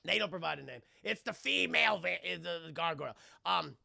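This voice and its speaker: Profane, gravelly-voiced young man recapping. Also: a little high, fairly quick, sharp tone, no echo, clean studio sound. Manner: irreverent, profane, addresses chat. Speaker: cartoon reviewer streaming to a live chat. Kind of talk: comedic episode recap.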